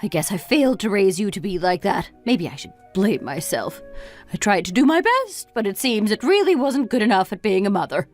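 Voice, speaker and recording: A bitter middle-aged mother, played by a woman, scolds her grown son in a text-story drama. Her lecturing voice swings widely in pitch, and soft music plays behind her. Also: big pitch swings, fairly quick, natural voice. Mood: reproachful. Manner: reproachful, lecturing.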